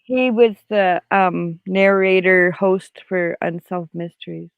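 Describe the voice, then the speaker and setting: A woman guest on a call joins a casual chat in a slow, unhurried way. She answers briefly and laughs softly. Her voice comes through a dry, narrow line that sounds like a phone. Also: on the low side, fairly even intonation, gravelly, clear, resonant tone, no room sound. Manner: brief reactions, gentle laughs.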